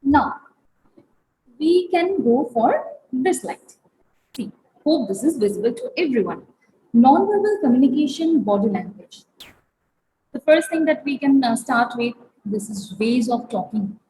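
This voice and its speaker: A woman giving an online workplace training lecture, talking haltingly with many fillers and restarts. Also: sits high, very animated, mellow, low-quality recording. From India. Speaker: webinar trainer.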